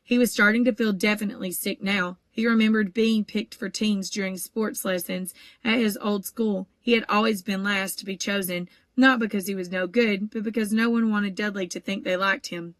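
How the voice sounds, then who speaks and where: A woman's voice: medium pitch, normal speed, hardly any pauses, no echo. Woman reading a story aloud, close and dry. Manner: steady, even storytelling with occasional small stumbles. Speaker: audiobook reader. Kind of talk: audiobook narration.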